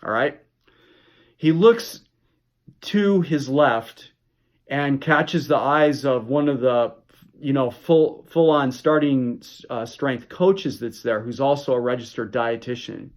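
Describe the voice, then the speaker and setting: A man's voice: mid-range voice, takes it slowly. A man vlogging, telling a personal story straight to the camera in a rambling way, with frequent restarts. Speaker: health vlogger. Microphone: camera mic.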